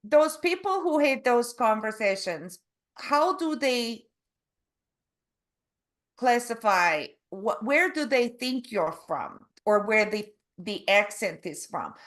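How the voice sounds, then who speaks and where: Woman w eastern european-sounding accent, slow careful questions. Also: a little high, sing-song, a bit bright. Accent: foreign accent syndrome, heard as Eastern European. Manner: brief agreeing, questioning.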